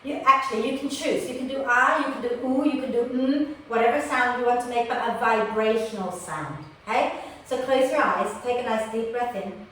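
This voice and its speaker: A woman guides a prenatal yoga class in a gentle, patient manner, checking in with "okay?" after nearly every cue. Her voice sits a little high. She is heard a bit away from the microphone in a strongly echoing room, with faint ambient noise behind her. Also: moderate pace, recorded from a distance. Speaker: yoga teacher. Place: room recorded for an online class.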